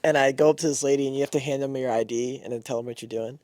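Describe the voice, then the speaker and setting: A young man co-hosting a podcast, telling animated stories full of slang and swearing. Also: mid-range voice, very fast, no echo. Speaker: podcast co-host. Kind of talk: casual chat.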